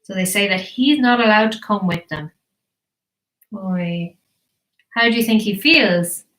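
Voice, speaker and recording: Slow, bright storytelling teacher. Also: female voice, mid-range voice, echoey room. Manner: animated, slow and encouraging, asks questions. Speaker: English teacher reading to children. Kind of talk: live storytelling for kids.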